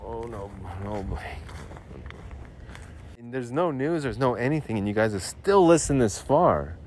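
A man's voice: medium pitch, animated, a little slow, darkish tone, a little hiss or hum. A man hosting a casual podcast, rambling through a funny story with profanity and laughter. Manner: loose, profane, laughs through his own stories. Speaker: podcast host.

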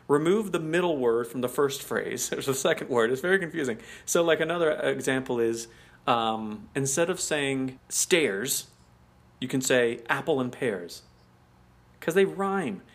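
An American man co-hosting a podcast in casual chat, explaining at length and laughing often. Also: medium pitch. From United States. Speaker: podcast co-host.

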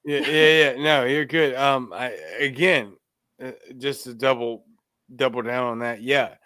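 A man's voice: medium pitch, steady tone, unhurried, sharp tone, no echo. A man from Louisiana hosting a podcast, talking politics in an emphatic, exasperated way. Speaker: podcast host. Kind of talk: casual political talk.

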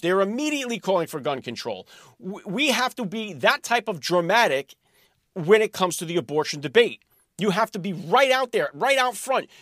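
Male show host with a high, animated voice; forceful, combative monologue delivery with repeated words. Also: no room sound, clean studio sound. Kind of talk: political commentary monologue.

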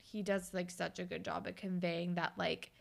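A woman's voice: lowish voice, flat delivery, moderate pace, vocal fry. A young woman co-hosting a podcast, chatting casually and retelling TV scenes, acting out the characters' lines as she goes. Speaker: podcast co-host. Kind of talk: casual TV recap chat.

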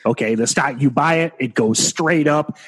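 A man's voice: mid-range voice, moderate pace. A man co-hosting a podcast chat, explaining things in a coaching way, talking through headphones. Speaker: podcast co-host, trading coach. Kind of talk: casual chat. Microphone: headphones on a call.

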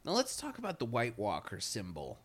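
A man's voice: mid-range voice, wildly swooping pitch, fairly quick, a little hiss or hum. A man talking casually on a podcast, rambling with restarts and casual swearing. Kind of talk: casual chat.

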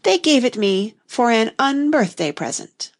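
A woman's voice: on the high side, sing-song, unhurried, voice pushed up. A woman voicing a pompous, argumentative egg-shaped man in a storybook reading. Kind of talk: audiobook reading.

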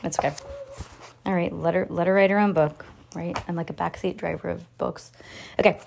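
A woman's voice: lowish voice, fairly even intonation, a little fast, gravelly, a little mellow, a little hiss or hum. Chatty, giggly mom in her thirties. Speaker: podcast host and mother. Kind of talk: casual chat and reading a children's book aloud.

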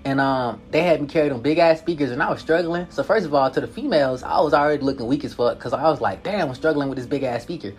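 A young man telling a casual story in a profane, slangy, animated way, full of filler tags. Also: on the high side, quick pace, hardly any pauses.

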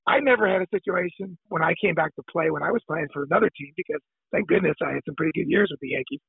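A man's voice: on the high side, rapid-fire, gravelly, slightly rough, no echo. A man calling in as a podcast guest, talking in a rambling way and repeating words as he thinks. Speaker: podcast guest, former ballplayer. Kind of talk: phone-in interview chat. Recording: tinny phone line.

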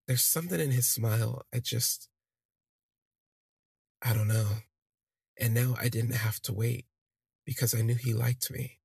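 A man's voice: medium pitch, steady tone, a little slow, creaky, long pauses, a little mellow, slightly rough, no echo. A man casually telling a personal story on his podcast, candid and rambling, with lots of fillers. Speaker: podcast host.

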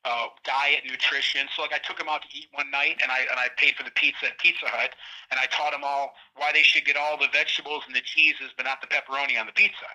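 A man's voice: medium pitch, level tone, quick pace, sharp tone, lo-fi sound. A middle-aged man, a guest speaking from prison, telling a rambling story in casual conversation and acting out what his friends said. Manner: rambling, acts out quoted friends heatedly.

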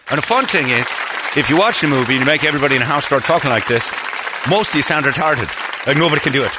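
A man hosting a podcast, telling rambling comedic stories with frequent laughs and asides. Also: medium pitch. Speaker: podcast host. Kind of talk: casual comedic storytelling.

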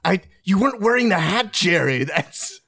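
A man putting on a bumbling bear in disguise, high and frantic, his voice leaping around as he pleads and hushes. He talks in a flustered rush. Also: animated, moderate pace, gravelly, heavily acted. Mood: pleading.

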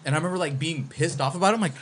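A man's voice: on the high side, rapid-fire. A young man co-hosting a podcast in casual chat, telling stories with heavy swearing and acting out his own texts. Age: young adult. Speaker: podcast co-host.

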